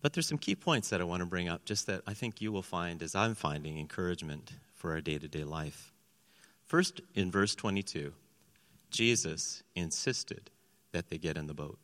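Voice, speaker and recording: A man with a lowish but bright, forceful voice preaches a sermon, telling the story with animation and slipping into the voices of the people in it. His words ring out with a long reverb in a large church hall. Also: moderate pace. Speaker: pastor. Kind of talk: sermon with scripture reading.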